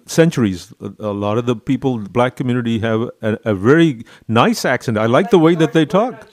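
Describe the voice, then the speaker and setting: A man hosting a talk radio show, easygoing, chuckling and giving quick affirmations to a caller. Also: medium pitch, lively intonation, no echo.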